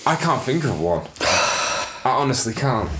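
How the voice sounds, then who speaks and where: A man's voice: mid-range voice, sing-song, normal speed, roomy sound, heavy background noise. A man co-hosting a podcast, speaking with earnest, mock-solemn praise. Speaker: podcast co-host. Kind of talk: casual chat.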